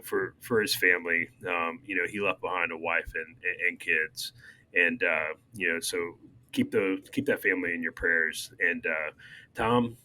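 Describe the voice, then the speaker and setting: Podcast guy, lowish voice with a bright edge, lots of "you know"s, halting talk. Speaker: podcast co-host. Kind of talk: casual conversational tribute.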